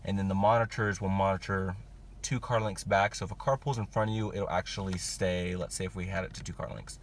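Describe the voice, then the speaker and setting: A man's voice: deep voice, fairly quick, a little hiss or hum. A young man casually walking viewers through a car's interior, chatty and loose with lots of filler words. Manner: relaxed, chatty, many fillers like "like" and "you know". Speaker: car reviewer. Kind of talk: casual product walkthrough. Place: inside a car.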